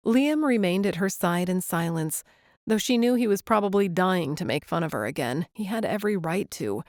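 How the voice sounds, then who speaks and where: Woman narrating a romcom audiobook, lowish voice, dry close mic. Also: animated, normal speed, a little mellow, dry recording. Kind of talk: scripted narration.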